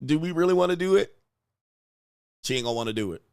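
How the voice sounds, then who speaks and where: A man's voice: a little high, animated, fast talker, creaky, a little mellow, smooth, dry recording. Sneering man in a dry booth. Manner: coarse, sneering, laughs at what he reads. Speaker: host reacting to online clips. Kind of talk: crude mocking reaction commentary.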